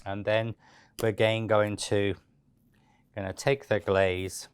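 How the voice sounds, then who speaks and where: Low-voiced man teaching sugarcraft. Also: little pitch movement, slow, clean tone, no room sound. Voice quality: chatty, many fillers and restarts. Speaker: cake decorating instructor. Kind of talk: relaxed step-by-step tutorial narration.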